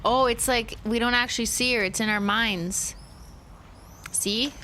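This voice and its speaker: A woman's voice: fairly high pitch, fairly even intonation, measured pace, pushed and bright, a little hiss or hum. A young woman streaming a story game live, chatting playfully, giggling and reacting aloud to what happens. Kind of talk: live gameplay commentary.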